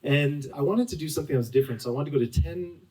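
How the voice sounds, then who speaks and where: A man's voice: a little high, very fast, mellow, far from the mic, poor audio. A man in his forties, an author guest at a bookstore event, telling stories in a rambling way full of "like" and restarts. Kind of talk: storytelling at a live book talk.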